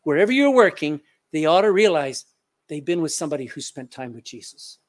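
A man in his sixties, a pastor preaching a sermon and leading a closing prayer, asking the congregation questions and swinging between loud and hushed delivery. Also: fairly high pitch, sing-song, brisk.

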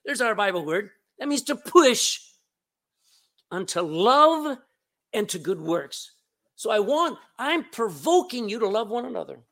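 A man's voice: sits high, big pitch swings, measured pace, gravelly, fairly bright tone. A man with a Texan accent preaching a sermon as pastor of his church, emphatic and repeating words, calling out to the congregation. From Texas. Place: church sanctuary.

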